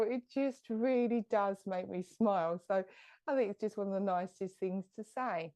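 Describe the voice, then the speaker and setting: A woman, a medium hosting a live stream, chatting brightly and greeting viewers by name. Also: mid-range voice, normal speed.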